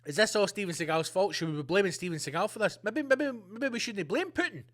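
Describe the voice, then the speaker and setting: Male comedy podcast host, high-voiced, loud and profane ranting. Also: lively intonation, fast talker. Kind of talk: comedic rant.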